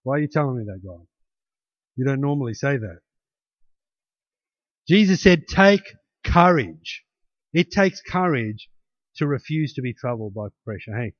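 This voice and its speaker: A man's voice: medium pitch, no room sound. Pastor guy preaching, chatty, keeps saying hey?, kinda muffled lo-fi dry audio. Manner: conversational, with frequent "hey?" tags and restarts. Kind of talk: sermon. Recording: dull lo-fi, dry.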